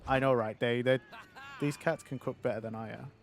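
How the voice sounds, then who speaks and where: A man's voice: mid-range voice, steady tone, a little fast. A British man rambles through casual stream chat, swearing freely and answering his viewers. His voice sits in a middling register. Faint game music plays behind him.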